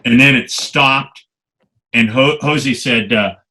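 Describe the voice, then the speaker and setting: Older man, bright animated storyteller. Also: mid-range voice, slow pace. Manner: animated anecdotes, salty language. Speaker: guest photographer. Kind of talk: storytelling interview.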